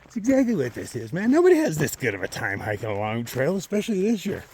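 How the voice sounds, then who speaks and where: Swearing hiker ranting outdoors. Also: male voice, a little high, fast, a little hiss or hum. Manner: profane, animated rant that swings between loud outbursts and muttered asides. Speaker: long-distance thru-hiker vlogger. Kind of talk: casual storytelling. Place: outdoors on a hiking trail.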